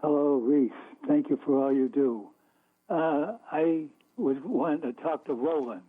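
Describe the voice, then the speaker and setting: A male caller on a radio show, speaking haltingly with some stammering. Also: a little high. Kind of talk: call-in radio talk. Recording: tinny phone line.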